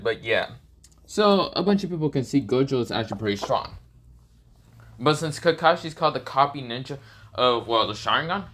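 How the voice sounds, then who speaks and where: A man's voice: a little high, fairly bright tone. A man narrating a fan story casually, rambling and swearing, with many fillers.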